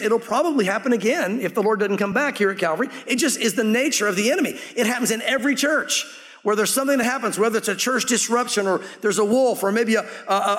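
A man's voice: very high-pitched, fairly bright tone, big-room sound. A man preaching a sermon as pastor, in a conversational way that slips into acting out quoted voices.

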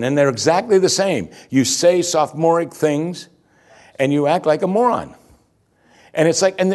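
A man preaching a sermon, explaining scripture in an animated way with chuckling asides and emphatic rising peaks. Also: on the high side. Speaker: pastor.

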